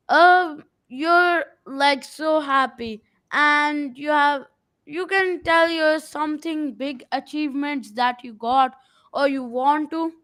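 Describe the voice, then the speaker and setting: A woman asking interview questions in a hesitant way, with many fillers and halting phrasing. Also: high-pitched, fairly bright tone.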